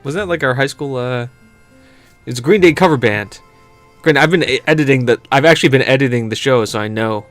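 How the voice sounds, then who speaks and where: A man's voice: medium pitch, fairly quick, fairly bright tone, no echo, faint music behind. A man co-hosting a podcast, chatting casually and joking while playing a board game. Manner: joking, laughing, slips into goofy accents. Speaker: podcast co-host.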